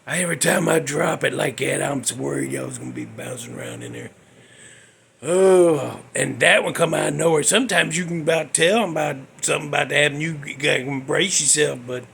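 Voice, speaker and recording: Man host, gravelly, a bit high, rambling folksy comic storyteller. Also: a bit bright, slight background noise. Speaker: podcast host.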